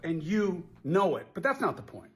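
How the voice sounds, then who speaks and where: Scolding TV commentator man, higher voice. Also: very animated, normal speed. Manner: preachy, scolding. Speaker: TV news commentator. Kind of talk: lecturing on-air commentary.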